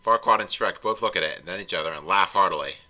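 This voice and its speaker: Brief: male host, wry comic reader, low and very bright. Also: fast. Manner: wry, breaks into laughter. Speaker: host, fanfiction reviewer. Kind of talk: comedic read-along commentary.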